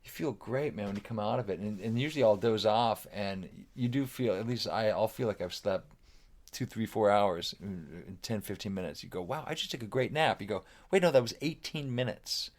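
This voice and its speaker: A man's voice: fairly low pitch, animated, a little fast. A middle-aged man chatting as a podcast guest, rambling and cursing freely while telling self-deprecating stories. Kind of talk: casual chat.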